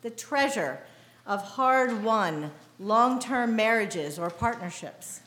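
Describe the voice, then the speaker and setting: A middle-aged American woman pastor preaching a sermon in a measured, deliberate way. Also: on the high side, a bit bright, echoey room. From United States.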